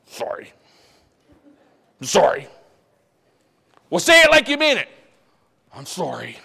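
A man's voice: sits high, a bit bright, in a large hall. An older man preaching a sermon as pastor, emphatic and conversational, repeating his points with frequent restarts.

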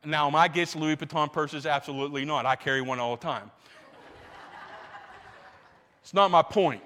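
A male pastor preaching a sermon, animated, stumbling over restarts as he builds his points. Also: fairly high pitch, fast, big-room sound.

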